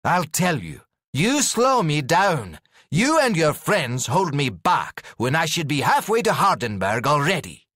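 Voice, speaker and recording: A man voicing a proud, impatient young duke who speaks in a measured, formal way in an audiobook. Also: low voice, very animated, breathy edge, no echo, studio quality, exaggerated voice.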